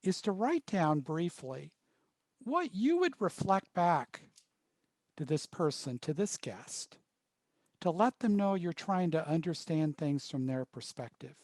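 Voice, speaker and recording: A man runs an online training workshop over a video call, coaching participants in a deliberate, unhurried manner. His voice sits a little high and he speaks slowly. The sound is dry and close, with no room around it. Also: big pitch swings, a little mellow, no room sound. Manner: slow, measured, coaching delivery. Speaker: workshop facilitator.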